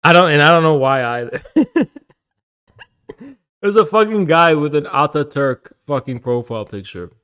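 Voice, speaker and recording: A man's voice: a little high, lively intonation, normal speed, fairly bright tone, smooth. A man chatting casually on a stream, swearing a lot and breaking into helpless laughter. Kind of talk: casual live-stream chat.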